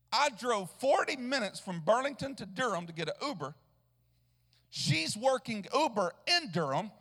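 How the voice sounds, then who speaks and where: Brief: male evangelist, very high gravelly voice, rambling storyteller who swells into a chanting sermon cadence, long church reverb. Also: fairly bright tone. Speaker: traveling evangelist preacher. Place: church sanctuary.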